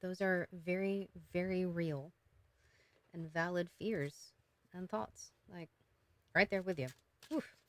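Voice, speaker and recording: A woman giving a casual, emotional tarot reading, talking gently with many fillers and restarts. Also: on the low side, no room sound. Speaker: tarot reader.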